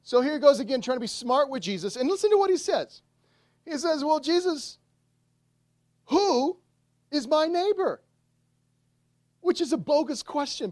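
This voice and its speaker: A man, a pastor, preaching a sermon and retelling a story with lively, acted-out voices. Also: extremely high pitch, no echo, clean studio sound.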